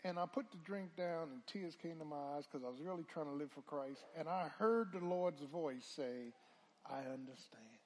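A male preacher delivering a call-and-response sermon, moving from hushed murmurs to loud, drawn-out calls. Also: fairly high pitch.

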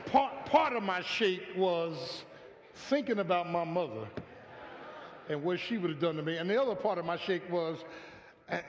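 High-voiced preacher in an echoing hall. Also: male voice, lively intonation, moderate pace, some chatter behind, a little hiss or hum. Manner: call-and-response preaching with repeated stammered phrases. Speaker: pastor. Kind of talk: sermon. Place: church sanctuary. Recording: echoey hall, dull lo-fi sound.

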